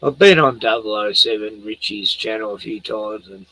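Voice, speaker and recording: A man's voice: fairly low pitch, moderate pace, pushed and bright, poor audio. An older Australian man hosting a casual livestream, rambling and swearing freely while tipsy from a few beers. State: tipsy from beer. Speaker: livestream host.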